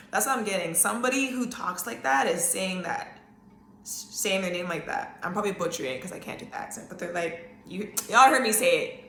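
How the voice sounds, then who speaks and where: A woman's voice: medium pitch, pushed and bright, echoey room, slight background noise. A woman hosting a solo podcast, chatting casually and talking straight to her listeners with frequent okays. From Canada. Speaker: podcast host. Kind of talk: solo psychic-reading podcast talk.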